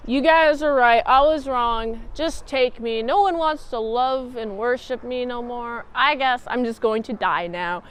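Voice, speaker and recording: A woman's voice: fairly high pitch, a little slow, hardly any pauses, fairly bright tone, clear, resonant tone. A woman voicing a lonely, self-pitying godlike alien man who pleads to be loved and worshipped. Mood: mournful.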